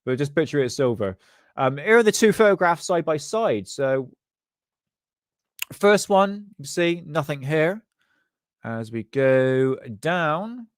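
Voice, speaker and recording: A man's voice: on the high side, lively intonation, unhurried, no room sound, studio quality. A man hosting a live stream from his desk, casually chatting, joking, rambling and laughing often.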